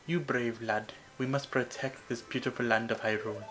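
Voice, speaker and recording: A man's voice: mid-range voice, fairly even intonation, normal speed, fairly bright tone, soft background music, close to an everyday voice, poor audio. A stern, protective woman warrior speaks in a solemn, formal way with an Indian accent, as a man puts her on. She sounds like the guardian of a royal family in a video game. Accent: Indian, put on.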